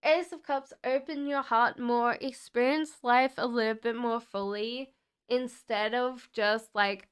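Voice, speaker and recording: A woman doing live-stream tarot readings, talking to chat viewers in a relaxed, chatty and reassuring way. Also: a little high, slow pace, clear, resonant tone. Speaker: tarot reader.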